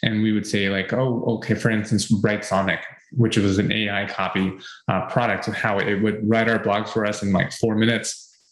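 Male podcast co-host, lowish voice, earnest and rambling, echoey room. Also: level tone, normal speed. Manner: earnest, repeats points with fillers. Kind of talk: casual advice chat.

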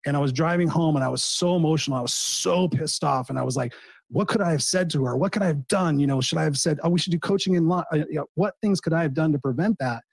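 A man's voice: fairly high pitch, fast, gravelly, slightly rough, dry recording. A man, a coach, speaking in a heartfelt way about personal loss on a podcast, often restarting his sentences. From Southern California. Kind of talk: emotional personal storytelling.

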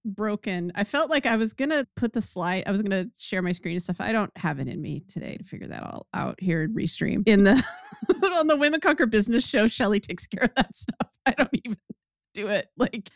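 A woman's voice: medium pitch, no room sound, studio quality. A woman co-hosting a podcast in casual chat, telling stories and laughing often. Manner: giggly, storytelling, laughs often. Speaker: podcast co-host.

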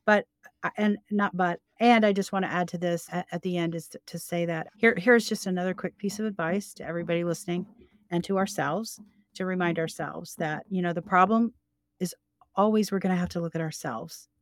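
Older woman giving gentle spiritual advice. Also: lowish voice, fairly even intonation, a little fast, no echo, studio quality. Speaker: co-host. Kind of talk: faith-based podcast chat.

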